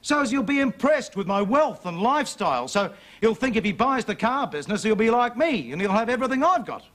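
A pompous, scheming Australian car dealer who is bossy and impatient. His voice is high and swoops about lively in a studio sitcom. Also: fairly quick. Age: middle-aged. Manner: bossy, impatient, wheeling-dealing. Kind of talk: 1980s studio sitcom acting.

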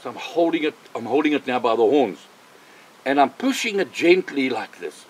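An older man, a missionary, telling a personal faith testimony in an animated way, repeating phrases for emphasis. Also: mid-range voice, normal speed, poor audio. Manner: animated, vivid storyteller who repeats himself for emphasis.

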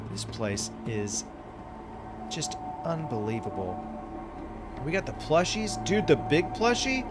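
A man giving excited, chatty commentary while playing a space game, reacting aloud to everything he sees. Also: fairly high pitch, slow pace. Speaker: gaming YouTuber. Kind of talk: casual gameplay commentary. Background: game music.

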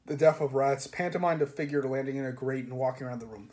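A man reading a comic fantasy novel aloud with lively narration. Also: medium pitch, quick pace, few pauses. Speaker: reader.

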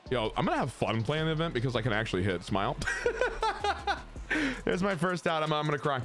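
Young guy gaming streamer, hyped and goofy, lively up-and-down voice, music playing behind. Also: fairly high pitch, normal speed. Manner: excitable, joking, talks to chat, bursts into shouts. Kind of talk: casual gameplay commentary.

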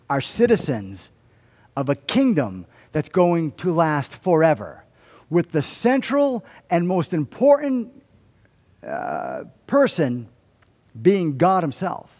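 A man preaching from the pulpit, his slightly high voice swinging up and down as he tells stories with humor and acts out what people said. His words ring with the long reverb of a church hall. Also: measured pace. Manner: animated storytelling with humor and acted-out quotes. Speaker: pastor. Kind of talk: sermon. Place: church sanctuary.

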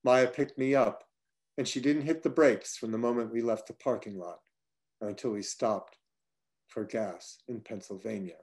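A man's voice: mid-range voice, normal speed, a little mellow. A man reading his own personal prose aloud with dry, wry storytelling.

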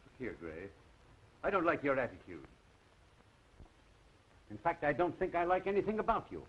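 An actor playing a stiff, indignant gentleman in a 1930s film. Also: fairly high pitch, huge pitch swings, moderate pace, slightly rough, full character voice. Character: stern, quarrelsome gentleman. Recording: dull 1930s film soundtrack, faint hiss.

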